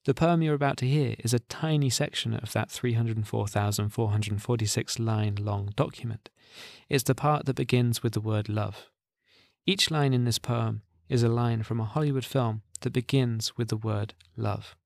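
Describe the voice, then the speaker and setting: Gravelly man introducing a podcast. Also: mid-range voice, normal speed, dry recording, clean studio sound. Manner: calm, explanatory. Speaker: podcast host. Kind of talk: scripted introduction.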